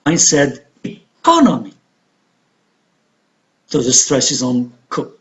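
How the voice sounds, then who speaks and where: A woman with an Algerian accent teaching a recorded English pronunciation lesson, speaking deliberately and repeating words for drilling. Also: very deep voice, fairly even intonation.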